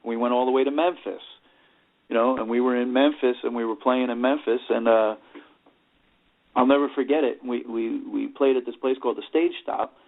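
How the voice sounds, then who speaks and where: A middle-aged man from New York spins road stories as an interview guest, rambling and leaning on "you know" between thoughts. His voice sits at an ordinary pitch for a man. It comes through thin and tinny, like a phone line. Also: steady tone, moderate pace, vocal fry. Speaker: interview guest, rock singer. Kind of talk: casual storytelling interview.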